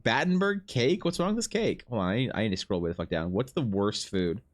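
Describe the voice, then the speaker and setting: Profane, animated male streamer. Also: medium pitch, fairly quick. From Ukraine. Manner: animated, profane, mock-outraged riffing while reading. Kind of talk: casual livestream chat.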